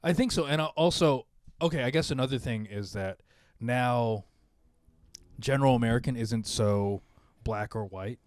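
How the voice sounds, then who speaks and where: Podcast co-host, man, mid-pitched, rambling, dry close mic. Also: normal speed, no room sound. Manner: rambling, lots of fillers and restarts. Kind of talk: casual comedy podcast chat.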